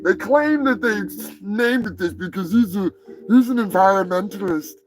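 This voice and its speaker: A man's voice: sits high, normal speed, crowd noise, poor audio. A man hosting a live stream, rambling and crude in a comedic chat. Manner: rambling, crude, mock-shouting.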